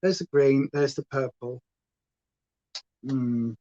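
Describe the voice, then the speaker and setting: A woman's voice: lowish voice, expressive, normal speed. A woman hosting a chatty makeup livestream, rambling playfully and reading chat aloud. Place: at home. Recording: slightly dull lo-fi sound.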